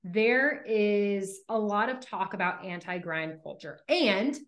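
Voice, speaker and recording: A woman hosting a podcast in casual chat. She talks in a chatty way, uses lots of filler "like"s and acts out quick examples. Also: mid-range voice, a bit bright. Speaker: podcast host. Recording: roomy echo.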